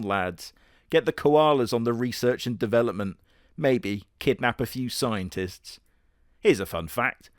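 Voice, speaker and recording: A man hosting a comedic reaction video with sarcastic, profane, deadpan jokes. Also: mid-range voice, no echo, studio quality.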